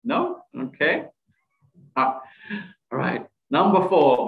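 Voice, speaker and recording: A man runs a presentation skills workshop over a video call, quizzing participants and praising their answers. His slightly high voice swings widely in pitch and goes a little slowly, and the video call microphone gives echoey, dull audio.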